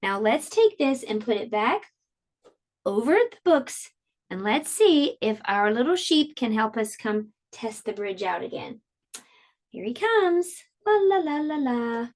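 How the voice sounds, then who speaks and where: A woman's voice: fairly high pitch, big pitch swings. A woman teaching a preschool lesson online, explaining a science activity and reading a storybook aloud to small children. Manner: sing-song and slow, explaining to small children.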